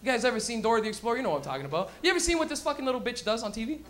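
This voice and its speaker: A man's voice: very high-pitched, lively intonation, very fast, a bit bright, a little hiss or hum. A young man doing live stand-up comedy on a club stage, rowdy and profane, acting out everyday scenes in silly voices.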